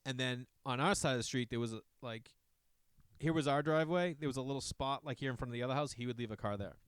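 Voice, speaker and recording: A man telling a long personal story in a casual, animated way, swearing often and jumping into asides. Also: mid-range voice, fast talker, clean tone, no echo.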